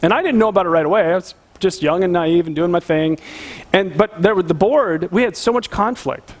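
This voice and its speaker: A middle-aged man, a pastor, preaching a sermon and telling a personal story in an animated, earnest way. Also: sits high, a little fast.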